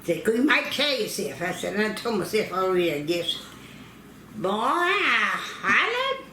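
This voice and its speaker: A woman's voice: on the low side, animated, a little fast, fairly bright tone, echoey room, slight background noise. An older woman from North Carolina, recalling childbirth stories, acting out quoted voices and laughing often. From North Carolina, United States. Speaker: interviewee telling family history.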